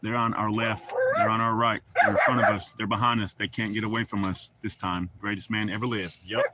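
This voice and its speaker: A man's voice: on the low side, level tone, a little fast, heavy background noise. A man hosting a livestream, chatting casually and profanely with viewers and joking around. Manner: profane, joking, talks back to chat. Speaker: livestream host.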